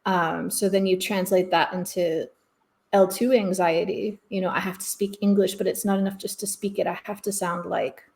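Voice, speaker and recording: A woman's voice: medium pitch, level tone, normal speed, gravelly, darkish tone. Passionate woman teacher, casual guest. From Southern United States. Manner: passionate, candid, thinking aloud. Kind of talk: casual video-call conversation.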